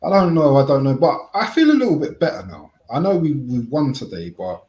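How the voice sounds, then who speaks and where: A man's voice: sing-song, fairly quick, mellow. A man co-hosting a football chat, talking passionately and casually. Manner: passionate, rises and falls sharply in pitch. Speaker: football podcast co-host.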